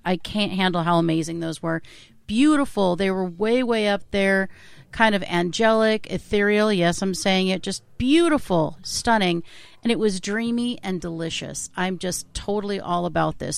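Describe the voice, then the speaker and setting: A woman's voice: medium pitch, moderate pace, creaky, clean tone, dry recording. A woman co-hosting a radio music show, chatting in a gushing, enthusiastic and teasing way. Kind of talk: casual on-air music chat.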